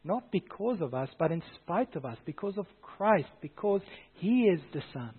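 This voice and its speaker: A man with a high-pitched voice preaches earnestly, pushing harder on the phrases that matter. The sound is thin and tinny, like it came through a phone line. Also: big pitch swings, normal speed, breathy edge. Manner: earnest preaching, swelling louder on key phrases. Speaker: pastor. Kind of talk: sermon.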